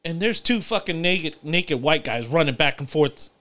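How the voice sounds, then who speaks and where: A young adult man hosting a podcast tells a story in casual, profane chat, animated and punctuated with laughs. His voice is a little high at normal speed, with slight background noise.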